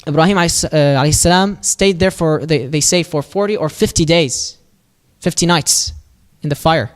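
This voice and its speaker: A man telling a prophet's story at a mosque in a lively, casual way, acting out the quoted lines and using Arabic phrases. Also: a little high, a little fast. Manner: casual, with fillers and restarts. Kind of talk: religious storytelling talk.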